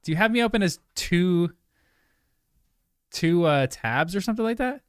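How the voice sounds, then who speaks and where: His voice sits high and smooth, animated but at a normal speed. He's hosting a livestream, casually chatting and apologizing to viewers, occasionally through a mouthful of food, in a dry, studio-quality recording.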